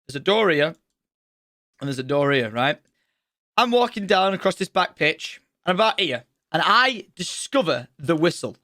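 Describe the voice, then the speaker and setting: Animated man telling a story. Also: sits high, dry recording, clean studio sound. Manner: swearing, lively, acts out the teacher's shouting. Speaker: streamer. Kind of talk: animated storytelling on a live stream. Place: home streaming room.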